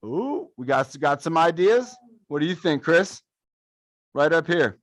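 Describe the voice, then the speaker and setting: A young man with a fairly high voice leads a fitness class, counting out reps and encouraging his students in an upbeat, playful way. The sound is dry and close, with no room echo. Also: very animated, measured pace. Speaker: fitness coach. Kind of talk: live adaptive fitness class instruction. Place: fitness studio.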